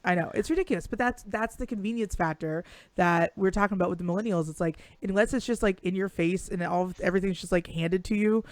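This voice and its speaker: A woman's voice: mid-range voice, fast talker, no echo. A young woman co-hosting a live stream over a video call, telling rambling stories bluntly with plenty of swearing. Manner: blunt, profane, rambling storyteller. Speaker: co-host. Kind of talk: casual live-stream chat.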